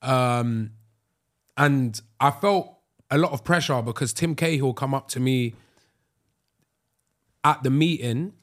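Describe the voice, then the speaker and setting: A young man, co-hosting a podcast and telling animated stories in casual chat. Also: medium pitch, slow pace, long pauses. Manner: animated storyteller, slips into excited voices. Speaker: podcast co-host.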